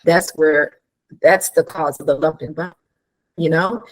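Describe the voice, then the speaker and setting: Lively woman telling stress stories. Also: deep voice, a little slow, poor audio. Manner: animated storytelling, acts out quoted dialogue; laughs often, asks rhetorical questions. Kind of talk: casual chat.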